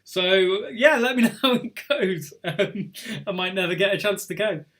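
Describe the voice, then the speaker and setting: A man's voice: sits high, expressive, normal speed, a bit bright. A young man hosting a live online pub quiz, chatty and rambling between questions. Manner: chatty and rambling, drifting off topic with chuckles. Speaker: quiz host.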